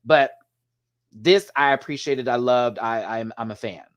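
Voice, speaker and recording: Excitable man gushing in a rambling review. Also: mid-range voice, a little slow, lo-fi sound. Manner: animated, swears, drag slang, gushes emotionally; rambling with restarts and asides to viewers. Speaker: TV show reviewer. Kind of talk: casual solo review rant.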